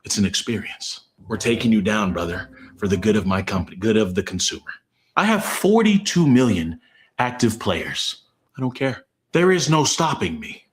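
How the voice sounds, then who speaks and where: A man's voice: fairly low pitch, sing-song, moderate pace. A man playing a cocky boastful store company. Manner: brash, cocky, trash-talking. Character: boastful personified game store company, male. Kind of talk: comedy skit.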